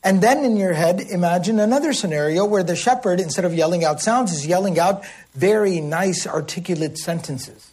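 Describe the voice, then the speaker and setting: A man's voice: high voice, moderate pace, slightly rough. A man teaching a religious language lesson, explaining word meanings and often checking in with his listeners. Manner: acts out calls and shouts.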